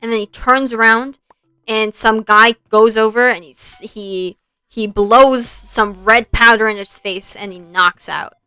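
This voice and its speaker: A woman's voice: on the high side, steady tone, unhurried, pushed and bright, clean tone, no echo. A young woman streaming, casually retelling a story in a rambling, easily sidetracked way.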